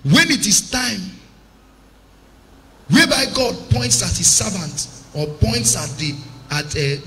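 A man preaching a sermon as an evangelist, with impassioned delivery that swells into shouted emphasis. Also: a little high, slight background noise.

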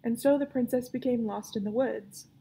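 A woman reading aloud and voicing a stern, wise old grandmother who tells stories in a measured way. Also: fairly high pitch, vocal fry, dark tone, slightly rough.

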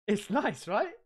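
An excitable man chatting casually while he opens fan mail on stream. His pitch leaps up and down, he swears freely and he laughs a lot. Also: breathy edge. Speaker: streamer host.

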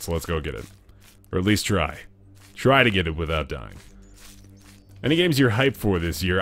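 A young gaming streamer with a lowish, fairly bright voice plays a game live, offering let's play commentary. He chats with viewers, swearing and yelping whenever danger hits.

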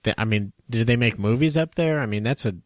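Male podcast co-host, casual and jokey, average pitch, dead-dry close mic. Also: fast talker, no room sound. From United States. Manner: joking, laughs often, trails off and restarts. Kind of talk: casual chat.

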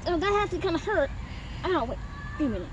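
A woman's voice: very high voice, big pitch swings, quick pace, dull audio, slight background noise. A woman improvising a game role-play, bossy and teasing with casual slang. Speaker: player.

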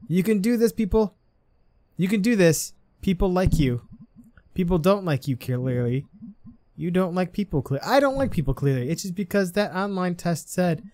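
A man's voice: high-pitched, a little mellow. A man reading the lines of a sarcastic young cat woman who dropped out of college, with a wry, self-mocking delivery. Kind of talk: reading game dialogue aloud.

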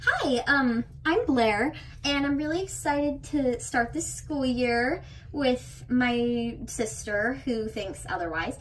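A young woman plays a string of eager students in a home-made skit. Her voice is high and moves around a lot. Each introduction comes out chirpy and overdone. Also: lively intonation, takes it slowly, fairly bright tone, a little hiss or hum. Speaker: amateur actor playing several students. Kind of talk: home-made skit, playing several characters.

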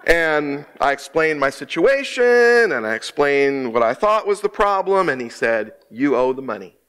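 A middle-aged man, an associate minister, delivering a sermon in a church, slowing down and drawing out key words for emphasis. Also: on the high side, very animated, fairly bright tone, clear, resonant tone. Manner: preaching with dramatic pauses and slowed emphasis. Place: church sanctuary.

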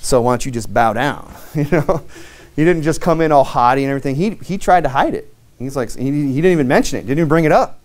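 A man's voice: a little high, quick pace, darkish tone. A young American man preaching a sermon as pastor, in a conversational, folksy way with plenty of fillers and restarts.

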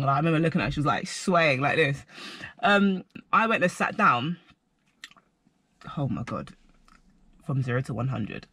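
A young man telling a rambling personal story to camera, animated and full of filler words. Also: fairly high pitch, slightly rough, no room sound. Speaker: vlogger.

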